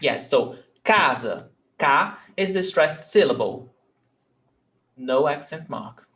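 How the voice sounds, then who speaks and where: Slow, patient man teaching a language. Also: on the high side, expressive, fairly bright tone. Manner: patient, slow, repeats words and checks with "ok?". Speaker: Portuguese teacher. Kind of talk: online language lesson.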